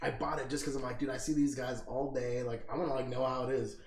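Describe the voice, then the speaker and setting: A man's voice: mid-range voice, little pitch movement, fast, slight background noise. A man as a podcast guest in casual chat, laid-back and profane, saying dude a lot. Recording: echoey room, crowd behind.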